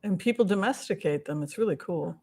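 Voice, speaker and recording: A woman's voice: fairly low pitch, expressive, a little fast, warm tone, husky. A woman hosting a casual live stream as a tarot reader, chatting in a rambling way with many asides while she answers viewers' questions and thanks donors.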